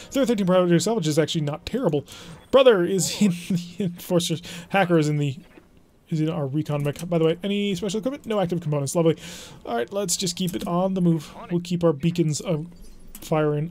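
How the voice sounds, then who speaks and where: A man talks through a strategy game in a let's play, wry and chatty, often poking fun at himself. His voice sits a little higher than most men's. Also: darkish tone. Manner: wry, self-deprecating, chatty. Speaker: gaming channel host.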